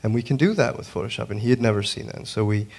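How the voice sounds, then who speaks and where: A man on a museum panel, a digital printmaker telling a story in an earnest, halting way with many restarts. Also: fairly low pitch, creaky, darkish tone. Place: museum auditorium.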